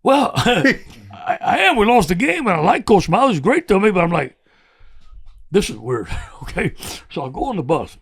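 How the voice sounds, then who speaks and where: An older man with a gravelly voice, telling rambling, animated stories with laughs as a podcast guest. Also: high voice, moderate pace. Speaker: guest football coach. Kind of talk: podcast storytelling.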